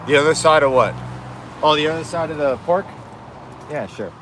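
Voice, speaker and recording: Bright-voiced man rambling at a cookout. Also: on the high side, normal speed, a little hiss or hum. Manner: rambling, swears casually. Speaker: streamer cooking live. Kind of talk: casual live-stream chat. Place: outdoors at a home cookout.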